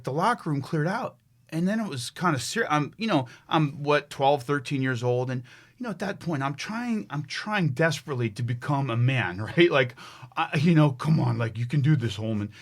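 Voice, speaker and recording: A man's voice: fairly high pitch, expressive, normal speed. A middle-aged man from the United States, a fitness trainer who is a guest on a podcast. He tells a story animatedly and emphatically, with many restarts. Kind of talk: conversational storytelling.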